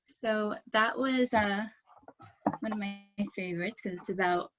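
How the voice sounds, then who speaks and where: A woman from Staten Island reading her poems at a live online poetry event, halting and full of fillers between pieces. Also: medium pitch, fairly bright tone, highs cut off, faint music behind. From Staten Island, New York. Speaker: poet reading her work. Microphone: video call.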